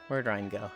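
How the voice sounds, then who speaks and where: A livestreamer chatting casually over a fishing game, swearing freely and sighing often between remarks. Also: sits low. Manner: profane, sighs often, chatty. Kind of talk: casual gaming commentary.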